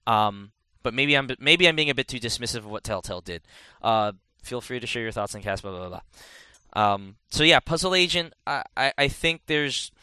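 A man's voice: mid-range voice, animated, normal speed, pushed and bright, smooth, no room sound. A man in casual podcast chat, rambling and correcting himself as he reviews a game. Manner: rambling, self-correcting, chatty.

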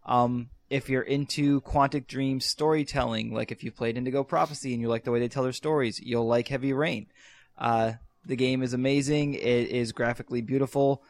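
A man's voice: mid-range voice, steady tone, moderate pace. A young man co-hosting a casual podcast chat, rambling and hesitant with many fillers. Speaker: podcast co-host.

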